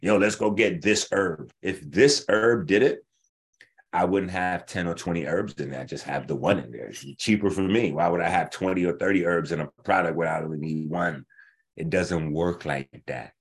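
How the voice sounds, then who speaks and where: A man hosting a health show, lecturing bluntly and profanely in a casual rant, slowing down to explain points step by step. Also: low voice, slightly rough. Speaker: host of a natural health show. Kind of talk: ranting casual commentary.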